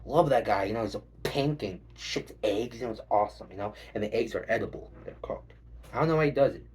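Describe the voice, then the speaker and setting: A man doing a stand-up set, rambling and swearing and acting out quick voices. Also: on the low side, a little mellow, a little hiss or hum. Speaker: stand-up comedian.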